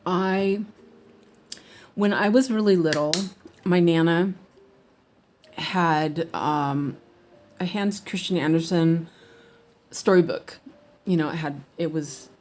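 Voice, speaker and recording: A woman's voice: fairly low pitch, slow pace, pauses often, darkish tone. A woman chatting casually while she cross-stitches at home, rambling with lots of fillers and restarts. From United States.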